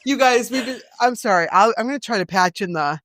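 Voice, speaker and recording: A woman's voice: fairly high pitch, lively intonation, fairly quick, fairly bright tone, dry recording. Slangy, laughing young woman co-host. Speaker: podcast co-host. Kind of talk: casual chat.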